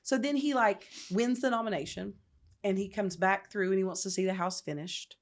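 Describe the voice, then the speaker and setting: Animated woman telling a story. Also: mid-range voice, moderate pace. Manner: animated, acts out quotes, emphatic. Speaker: nonprofit founder, guest. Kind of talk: storytelling interview.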